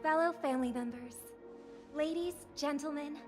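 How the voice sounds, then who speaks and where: Woman voicing a formal game festival host, high voice, slow stately welcome speech. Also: music in the background, close to an everyday voice. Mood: ceremonious. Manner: ceremonious, measured address. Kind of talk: game voice acting.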